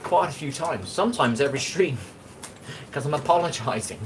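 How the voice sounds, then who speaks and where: A man's voice: fairly high pitch, expressive, moderate pace, noisy background. Rambling English man chatting while cooking. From England. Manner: rambling, chatty, talks back to chat comments. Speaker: livestream host. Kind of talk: casual livestream chat while cooking.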